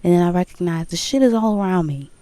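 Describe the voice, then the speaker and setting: Talking fast in a dark, lowish voice, a woman tells her viewers openly about her spiritual journey. She's emphatic, repeats phrases, swears and laughs, and there's no echo in this casual vlog.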